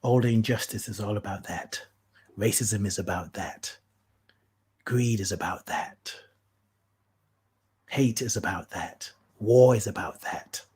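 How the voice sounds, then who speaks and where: A podcast host in casual spiritual talk, heartfelt and preachy, flaring into animated rants and blessing the listener. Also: low voice, unhurried, long pauses, breathy edge.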